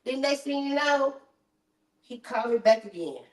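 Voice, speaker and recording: A woman telling her story as a mother in an interview, animated and repetitive, quoting what others said to her. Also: sits high, moderate pace. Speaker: interview guest, mother of the deceased. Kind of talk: emotional storytelling, reenacting conversations. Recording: echoey room, voice far from mic.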